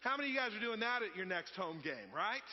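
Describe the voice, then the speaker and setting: A man, preaching a sermon in a relaxed, conversational storytelling way that swings between loud and hushed. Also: sits high, fast. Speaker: pastor. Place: church sanctuary. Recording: dull sound with long reverb.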